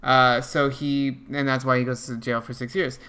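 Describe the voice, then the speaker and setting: A man's voice: mid-range voice, level tone, moderate pace, pushed and bright, clear, resonant tone. A young man co-hosting a podcast, in laid-back casual banter with some slang. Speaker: podcast co-host. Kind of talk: casual chat.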